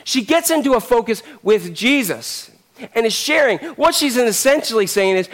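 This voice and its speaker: A man's voice: extremely high pitch, lively intonation, normal speed, fairly bright tone. A man preaching a sermon, telling a story animatedly and acting out the characters. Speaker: pastor.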